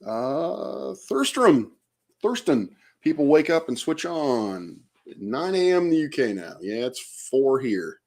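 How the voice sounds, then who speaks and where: A man on a casual late-night livestream from home, rambling and hesitant with lots of fillers, chatting to viewers by name. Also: medium pitch.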